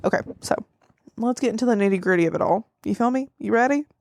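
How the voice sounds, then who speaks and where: A young woman podcast host casually recapping a film, animated, acting out quotes and laughing often. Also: on the high side, fast talker, gravelly, dry recording, clean studio sound.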